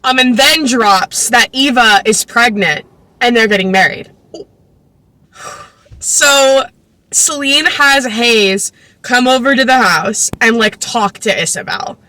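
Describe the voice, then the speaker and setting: Young woman vlogger, bright voice, dry close sound, gossipy book recap with sarcastic asides. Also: on the high side, slow pace, dry recording, poor audio. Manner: chatty, heavy use of "like", sarcastic asides, giggles; swears casually.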